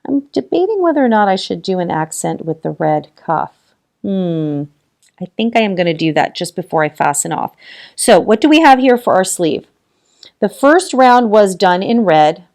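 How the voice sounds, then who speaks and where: A woman's voice: medium pitch, big pitch swings, moderate pace, darkish tone. A woman hosting a casual crochet tutorial, talking through each step, counting stitches aloud and encouraging viewers with frequent laughs.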